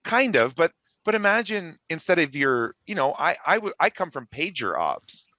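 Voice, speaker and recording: Enthusiastic male interview guest, bright voice, dry close sound. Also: a little high, normal speed, no room sound, lo-fi sound. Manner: enthusiastic, animated, expansive. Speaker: guest network engineer. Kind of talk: conversational interview.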